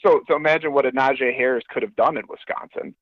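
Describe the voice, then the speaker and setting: A man's voice: medium pitch, fast, no echo, dull audio. A man calling in to a sports show, asking a rambling, hesitant question. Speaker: caller. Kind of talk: call-in question.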